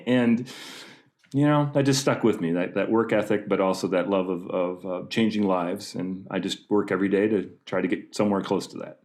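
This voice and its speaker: A man from Wisconsin with a lowish voice talks about his band teaching in a humble, earnest way, pausing to find his words. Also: darkish tone. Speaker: middle school band teacher, panel guest. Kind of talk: casual panel chat.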